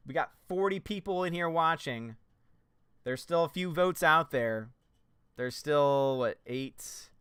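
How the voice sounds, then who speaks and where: A man's voice: a little high, expressive, takes it slowly, pauses often, a bit bright, smooth, no room sound, studio quality. A man with a Southern US accent hosting a casual livestream, playful and joking with his viewers. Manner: playful, joking, laughs often. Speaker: livestream host.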